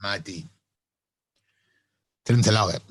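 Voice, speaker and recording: A man, a radio presenter co-hosting a casual podcast, talking in an animated, mocking way. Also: on the low side, normal speed, no echo. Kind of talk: casual chat.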